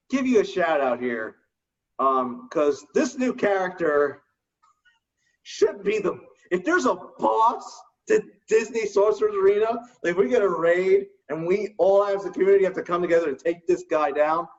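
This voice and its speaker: A man co-hosts a casual gaming chat, voice a bit high and sitting back from the microphone. The recording is muffled and lo-fi. He tells stories in an animated way and laughs often. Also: recorded from a distance. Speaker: co-host.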